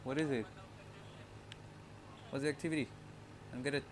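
A man's voice: mid-range voice, steady tone, a little fast, slight background noise. A man giving casual, profane commentary while playing a video game, full of frustrated outbursts and laughter. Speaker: gamer.

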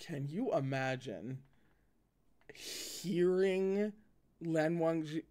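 A man reads a novel aloud in a casual way, stopping often for wry, joking asides. His voice sits a little high for a man. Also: extremely slow, a little mellow. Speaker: host reading a novel aloud. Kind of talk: casual read-aloud with commentary.

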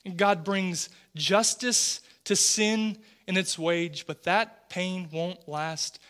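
A man in his forties, a pastor preaching a sermon, earnest and animated, often repeating words as he tells stories. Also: sits high, takes it slowly, clean tone.

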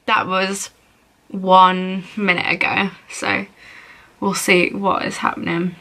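A woman's voice: medium pitch, little pitch movement, slow pace, bright, forceful tone. A young woman vlogging as she plays a phone game, reading messages aloud in a playful, giggly way.

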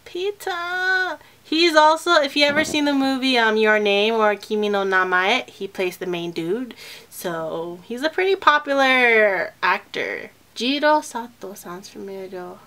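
A woman's voice: on the high side, a little slow, pushed and bright. A young woman talking casually to camera in a reaction vlog, chatty and emotional, often trailing off and restarting. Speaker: vlogger reacting to a film trailer.

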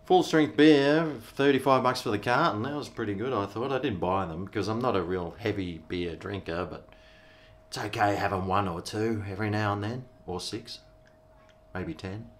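A man's voice: on the low side, normal speed, slight background noise. A middle-aged Australian man, a vlogger, rambling in a laid-back, slangy way while he tastes and reviews a beer. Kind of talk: casual beer review vlog.

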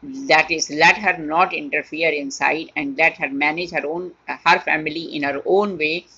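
Female teacher walking students through a play script; low, husky voice on a dull recording. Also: fairly even intonation, moderate pace, sharp tone. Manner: paraphrases line by line, repeating and rephrasing. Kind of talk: explaining a play to a class.

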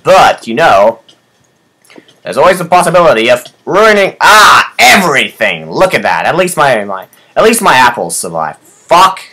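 A young man doing excitable gameplay commentary, swearing and yelping at surprises. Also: medium pitch. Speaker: let's player.

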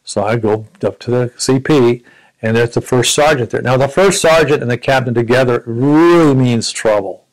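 A man in his seventies from the United States, a veteran recalling his service in a reflective, halting way. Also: medium pitch, low-quality recording. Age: 70s. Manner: reflective, halting storytelling with frequent restarts. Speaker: Vietnam War veteran interviewee. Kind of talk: recounting personal memories.

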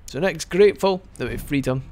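A man's voice: on the high side, expressive, fairly quick, a little mellow. A man giving casual, rambling let's-play commentary as he plays, joking and often restarting his sentences. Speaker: gaming video host.

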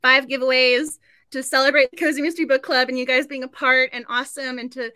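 A woman hosts a book club stream in a chatty, effusive way, laughing often. Her voice sits high and sounds bright and sharp. The sound is close and dry, with no room around it. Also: little pitch movement, fast talker, no room sound. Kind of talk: casual live-stream chat.

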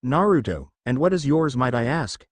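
A man's voice: mid-range voice, lively intonation, normal speed, dry recording, clean studio sound, natural voice. A man voicing a brash, hot-headed teenage boy ninja in a read-aloud fan story. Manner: brash and shouty.

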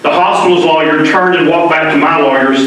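A middle-aged man speaks with earnest passion to a public gathering, his fairly high, bright, forceful voice stumbling over repeated words as he pushes on. He is picked up from across a very echoey room, so his voice rings with reverb. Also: steady tone, brisk. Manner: emotional, earnest, repeats words when stirred. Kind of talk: impassioned public address. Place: public library meeting room. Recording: very echoey hall, mic far off.

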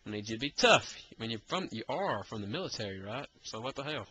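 Lively bright-voiced man gaming. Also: mid-range voice, fast talker, a little hiss or hum, poor audio. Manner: exasperated, keeps urging and taunting the enemy. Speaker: let's play gamer. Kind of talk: live gameplay commentary.

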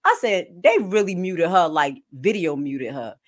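Animated woman streamer, low voice. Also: a little slow. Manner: animated, jumps to loud bursts. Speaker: commentary streamer; nurse. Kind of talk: casual commentary.

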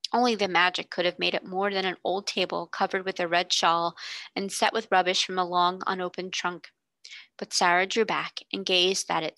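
A woman tutor reading a classic children's novel aloud with steady, expressive narration. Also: mid-range voice, gravelly, dry recording. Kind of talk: storybook reading.

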